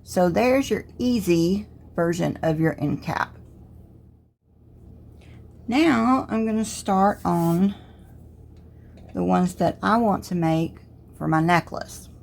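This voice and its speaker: A middle-aged woman with a Southern US drawl talks through a hands-on crafts demonstration. Her voice sits low and has a gravelly, creaky edge. She thinks aloud in a relaxed way as she works, stopping and starting between steps. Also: slow, pauses often. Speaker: crafts tutorial host. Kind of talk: casual step-by-step tutorial narration.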